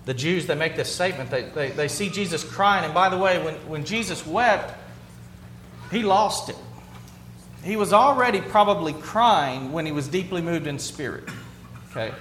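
A man with a fairly high voice preaches a sermon in a roomy, echoing space. He sinks to a hushed, quiet tone on the weighty words before building back up, and a faint hum sits behind him. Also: normal speed. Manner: drops to a hushed low voice on key words, then builds up. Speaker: pastor. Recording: roomy, echoey hall.

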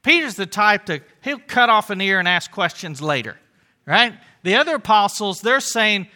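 A man preaching a sermon in a conversational way, retelling the story with lively asides to the congregation. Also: high voice, moderate pace.

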